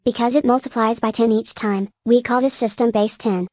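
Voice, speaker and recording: A woman's voice: a little high, steady tone, fairly quick, loud music behind the voice, low-quality recording. A woman narrating a cartoon math lesson, explaining step by step in an upbeat way. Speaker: narrator and teacher.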